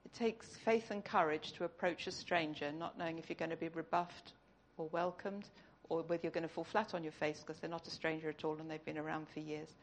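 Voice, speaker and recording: A woman's voice: low-pitched, steady tone, fairly quick, few pauses, slight background noise. A woman giving an earnest, conversational sermon in church. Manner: earnest, conversational, tearful at the close. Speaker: church speaker.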